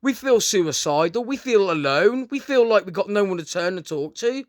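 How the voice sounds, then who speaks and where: A man with a notably high voice talks straight to his viewers in a loose, meandering rant. He swears freely and keeps checking in with "guys" and "right?". The sound is close and dry, with no room echo. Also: lively intonation, normal speed. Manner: rambling, heavy swearing, keeps addressing listeners as "guys". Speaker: vlogger. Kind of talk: casual unscripted monologue to camera.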